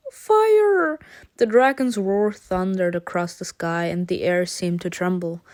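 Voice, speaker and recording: A woman reading an interactive story game aloud, narrating dramatically and breaking into giggles and excited comments. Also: on the low side, smooth, dry recording, studio quality.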